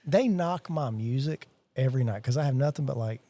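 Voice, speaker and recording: A middle-aged man on a podcast, an animated storyteller who keeps saying "dude" and "bro" in casual chat. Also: medium pitch, fairly quick, dry recording. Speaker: podcast guest, jiu-jitsu instructor.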